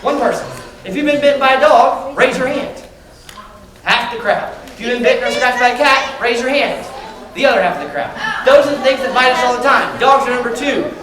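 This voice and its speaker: Talking fast in a mid-range voice, an animal trainer energetically addresses a library audience of kids, calling out and asking questions during a live show. The far-off mic picks up lots of room echo in the large hall, along with a noisy crowd.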